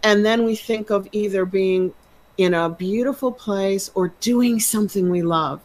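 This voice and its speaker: A woman's voice: mid-range voice, unhurried, a little mellow. A woman with a mid-range voice co-hosts a casual chat. She speaks with gushing enthusiasm.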